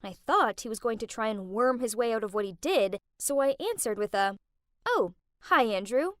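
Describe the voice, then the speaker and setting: A woman narrating an animated story in a dramatic, emphatic storytime style. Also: fairly high pitch, brisk, no echo, clean studio sound. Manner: emphatic, expressive.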